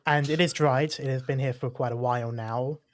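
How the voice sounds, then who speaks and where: A man at a mid pitch narrates a tabletop game as its dungeon master. He fills his descriptions with small pauses and fillers and keeps an easy, unhurried pace. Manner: descriptive, relaxed, many fillers.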